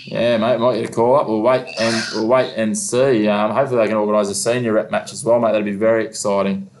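A laid-back Australian man hosts a casual sports chat in a low, even voice that barely rises or falls. He fills his talk with "mate" and easy asides. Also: fast. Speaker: local sports radio host.

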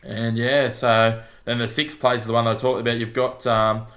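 A man's voice: mid-range voice, normal speed. A man with an Australian accent co-hosting a casual sports podcast, rambling matily with lots of fillers. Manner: relaxed, matey, rambling with fillers. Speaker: podcast co-host.

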